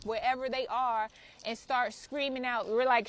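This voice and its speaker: A woman's voice: fairly high pitch, moderate pace, a bit bright. A woman delivering an impassioned spiritual message as a mother. She preaches with emphasis, swears freely and fires off rhetorical questions. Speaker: spiritual content creator and mother.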